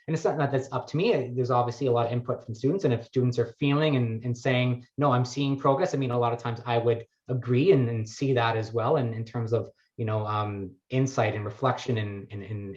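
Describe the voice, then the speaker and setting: A man working as a wellness coach, talking thoughtfully in an interview and searching for his words as he goes. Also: medium pitch. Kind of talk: conversational interview. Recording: muffled lo-fi audio.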